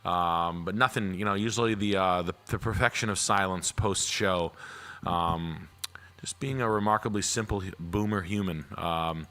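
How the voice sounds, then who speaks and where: A young man, a realtor who also hosts a casual livestream, rambles along with self-deprecating talk and crude jokes. His voice is low and sharp, and he speaks at a normal speed.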